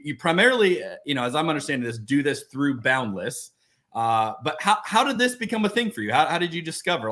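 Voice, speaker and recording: Guy hosting a faith podcast, bright tense tone, loose rambly questions. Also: a little high. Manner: relaxed, repeats words while forming questions. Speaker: podcast host and pastor. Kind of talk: casual interview questions.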